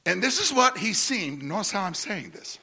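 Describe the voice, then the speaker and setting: A male preacher giving a sermon, telling stories in an animated way with frequent restarts and repeated words. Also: high voice, normal speed, creaky, slightly rough.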